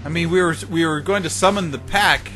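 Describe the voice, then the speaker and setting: Bright-voiced man reasoning through his turn. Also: fairly high pitch, fairly quick, soft background music. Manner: reasoning, hesitant, with restarts. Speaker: player. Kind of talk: tabletop role-play chat.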